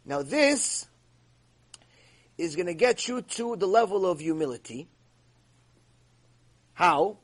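High-pitched guy teaching, lots of stories, acts out the people in them. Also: takes it slowly, long pauses. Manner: animated storytelling, acts out voices. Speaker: religious teacher. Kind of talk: long religious lecture.

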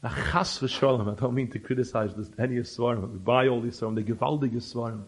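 A man giving an animated Torah talk, telling stories and mixing Yiddish and Hebrew terms into his English. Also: medium pitch, a little fast, breathy edge. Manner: animated storyteller who acts out the people he quotes. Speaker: Torah teacher.

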